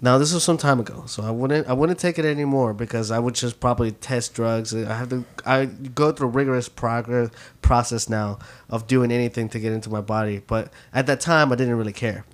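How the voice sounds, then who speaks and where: Male podcast co-host, mid pitch, rambling storyteller, lots of fillers. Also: fairly even intonation, brisk, few pauses. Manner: rambling, repeats words, many fillers. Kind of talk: casual chat, storytelling.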